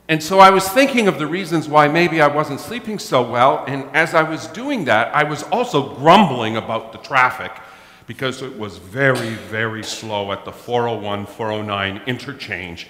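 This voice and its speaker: A middle-aged pastor preaching a sermon, telling a self-mocking story. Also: male voice, mid-range voice, lively intonation, normal speed, bright, forceful tone. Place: church. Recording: echoey church hall.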